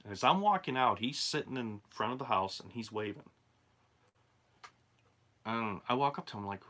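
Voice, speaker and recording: A man's voice: medium pitch, lively intonation, normal speed, pauses often, sharp tone. A man telling a true haunted-house story in a rambling, conversational way, full of asides. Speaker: channel host and storyteller. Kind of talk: casual spoken true ghost story.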